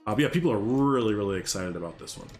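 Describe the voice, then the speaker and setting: A man's voice: on the low side, lively intonation, very fast, a little mellow, soft background music. A young man rambling casually on a live game stream, chatting with viewers as he builds. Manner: rambling, chatty, reads and answers chat.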